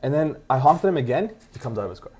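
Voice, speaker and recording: A man's voice: medium pitch, very animated, racing, warm tone, husky. A young man co-hosting a podcast, rambling through a story in casual chat, full of "like". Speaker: podcast co-host.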